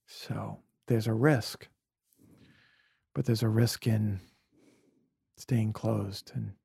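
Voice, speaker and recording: A middle-aged man from New York City speaks in a low, gravelly, husky voice. His storytelling is earnest and confessional, and it sometimes sinks to a near-whisper. The sound is dry and close. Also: fairly even intonation, drawn-out words, dark tone, dry recording. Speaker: podcast guest. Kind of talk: reflective conversation.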